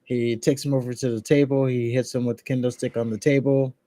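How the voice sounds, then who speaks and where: Man, podcast co-host, casual rambling recap, mid pitch, dry close sound. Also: little pitch movement, a little fast, warm tone, no room sound. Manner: rambling recap with laughs and restarts. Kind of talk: casual wrestling recap chat.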